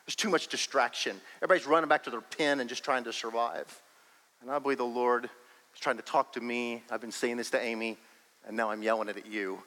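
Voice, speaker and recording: A man preaching a sermon as pastor, emphatic and animated, often breaking into laughter. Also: mid-range voice, brisk, in a large hall, rough recording.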